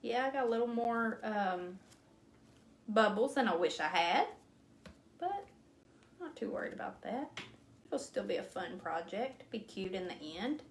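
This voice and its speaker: A woman's voice: mid-range voice, lively intonation, measured pace, pauses often. A woman hosting a casual live craft demo, chatty and self-deprecating, laughing often at her own mistakes. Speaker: crafting livestream host. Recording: echoey room with faint noise.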